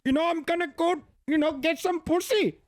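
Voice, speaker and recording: A man doing a quick impression of a crude, brash young male movie character in a mock accent. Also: very high-pitched, dry recording, clean studio sound, voice pushed up. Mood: crude boasting.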